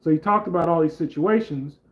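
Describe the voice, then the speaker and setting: A man's voice: fairly high pitch, brisk, lo-fi sound. A man hosting a casual political commentary vlog, talking in a rambling, conversational way with lots of fillers. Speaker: channel host.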